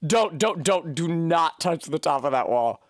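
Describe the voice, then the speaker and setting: A woman's voice: lively intonation, unhurried, no echo, clean studio sound. Profane rambling woman game streamer. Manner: profane, rambling, bursts into high yelps and shrieks when failing. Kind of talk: casual live-stream commentary while gaming.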